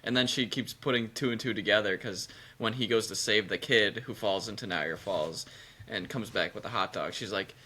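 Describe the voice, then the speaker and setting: A man's voice: fairly low pitch, brisk, bright, forceful tone, slightly rough. A young man co-hosting a casual movie chat, easygoing and agreeable, recounting scenes. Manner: easygoing, agreeable, frequent "yeah". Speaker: podcast co-host.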